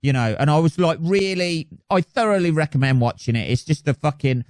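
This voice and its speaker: A man's voice: fairly high pitch, animated, a little fast, darkish tone, no room sound. A man hosting his own podcast alone, chatting casually in a rambling, sweary, self-mocking way. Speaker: podcast host. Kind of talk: casual solo podcast chat.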